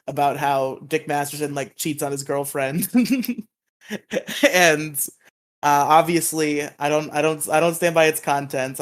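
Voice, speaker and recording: A man with a slightly raised pitch talks loosely on a podcast, drifting through long stories and poking fun at himself. He laughs easily and trails into asides. The sound comes through a voice chat call. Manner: rambling, self-deprecating, laughs often. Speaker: podcast co-host. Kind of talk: casual chat.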